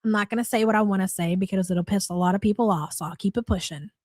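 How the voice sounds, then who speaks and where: A woman's voice: medium pitch, fast, darkish tone, no echo, studio quality. A woman hosting a live reaction stream, blunt and sarcastic, swearing freely.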